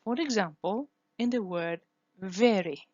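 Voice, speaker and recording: A woman's voice: medium pitch, measured pace, darkish tone, dry recording, muffled recording. A woman whose first language is Spanish, teaching English phonetics in a careful lesson, repeating each sound to demonstrate it. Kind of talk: scripted lesson.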